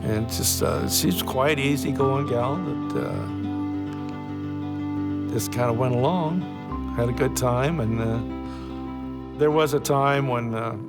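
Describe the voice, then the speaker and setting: An older man recounting memories in a plain, unhurried way for a documentary interview. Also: mid-range voice, big-room sound, loud music behind the voice.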